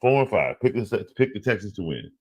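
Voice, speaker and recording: A man hosting a fantasy football show, talking casually and excitedly, laughing often and trash-talking teams in slangy speech. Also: on the low side, brisk, husky, lo-fi sound. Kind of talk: casual solo sports commentary.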